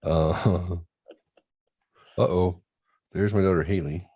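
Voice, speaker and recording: A middle-aged man hosting a crude, casual chat show, loud and laughing, often putting on high voices to mimic his kids. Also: steady tone, slow pace, slightly rough, dry recording. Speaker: podcast host.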